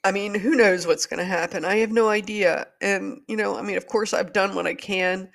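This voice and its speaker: A woman's voice: mid-range voice, fairly even intonation, normal speed, creaky. A woman hosting a solo podcast, talking in a rambling, hesitant and apologetic way, openly emotional. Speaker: podcast host.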